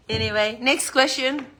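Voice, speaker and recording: A woman's voice: sits high, fairly bright tone, a little hiss or hum. A middle-aged woman, chatting casually on a livestream, laughing often and swearing freely. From New Zealand. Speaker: livestream host.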